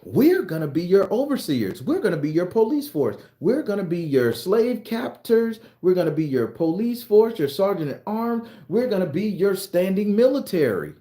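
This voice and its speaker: A man's voice: sits high, very animated, normal speed, hardly any pauses, warm tone, echoey room, pitched above the performer's own voice. A man doing a swaggering Irish police boss. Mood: boastful. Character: boastful Irish man offering to be the police force.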